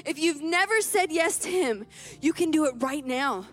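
A woman's voice: sits high, animated, normal speed. A woman in her thirties preaching a storytelling sermon, emphatic and repeating key phrases as she builds to fervent appeals.

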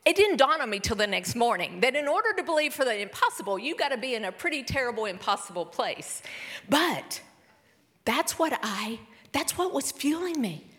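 Woman preaching with hushed intensity. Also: on the high side, moderate pace. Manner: emotional storytelling, swings between hushed whispers and excited bursts. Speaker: speaker at a church service. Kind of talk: sermon testimony.

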